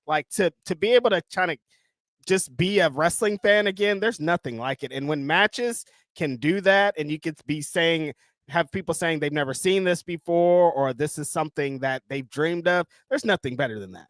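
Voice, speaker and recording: A man's voice: on the high side, normal speed, fairly bright tone, no room sound, clean studio sound. A man co-hosting a casual wrestling review chat, enthusiastic and joking, swearing casually and laughing often. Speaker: wrestling show co-host.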